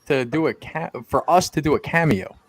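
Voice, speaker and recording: Animated teasing podcast co-host man. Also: on the high side, fairly quick, no room sound. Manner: animated, teasing, playful insults. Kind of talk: casual wrestling podcast chat.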